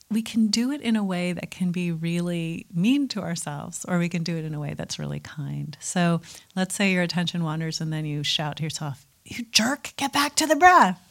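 A woman teaching mindfulness and guiding a meditation in a gentle, soothing, unhurried way. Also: on the low side. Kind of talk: guided meditation talk.

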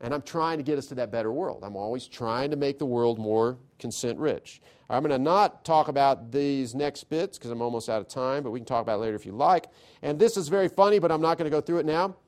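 A man lecturing an audience on constitutional theory in a lively, conversational way, often putting questions to the listeners. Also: mid-range voice, fairly quick.

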